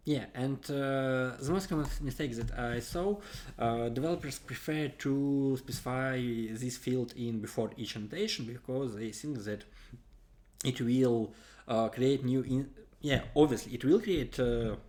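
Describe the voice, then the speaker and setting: Slow, halting man explaining code. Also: mid-range voice, darkish tone. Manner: halting, frequent hesitations while typing code. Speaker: coding tutorial host. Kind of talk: screen-recorded coding tutorial. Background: keyboard typing and clicks.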